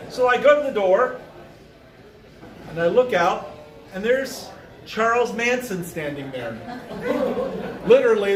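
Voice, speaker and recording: A man in his fifties telling a comic personal story at a live event, animated and full of sound effects. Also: sits high. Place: bar event space. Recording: roomy live sound from far off.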